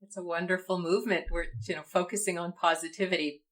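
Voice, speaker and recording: A woman hosts a podcast interview and adds short, encouraging remarks between her guest's stories. Her voice sits on the low side for a woman but has a bright, crisp edge. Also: steady tone, fast. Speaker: podcast host, physician. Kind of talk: interview hosting.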